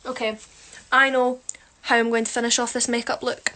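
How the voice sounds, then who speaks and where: A woman's voice: a little high, flat delivery, normal speed, pushed and bright. A woman chatting casually with viewers on a phone livestream, teasing and joking while she does her makeup. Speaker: livestream host answering viewer comments. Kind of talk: casual chat.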